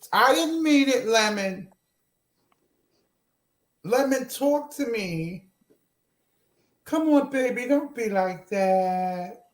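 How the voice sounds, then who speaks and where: Casting: man doing a flirty diva host, high voice, slow drawl, echoey room. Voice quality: coaxing, teasing, sweet-talking. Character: flirty, sassy woman host Natasha. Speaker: show host. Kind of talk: casual avatar chat show.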